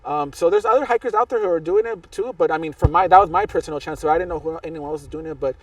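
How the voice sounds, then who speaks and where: Man, podcast guest, rambling storytelling, higher voice, distant from mic, dry sound. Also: very fast, no echo. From Southern California. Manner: rambling, with frequent restarts and fillers. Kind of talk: casual storytelling interview.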